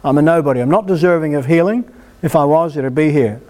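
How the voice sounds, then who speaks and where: A man preaching a sermon at a healing meeting, emphatic and animated as he exhorts the congregation. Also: fairly high pitch, quick pace.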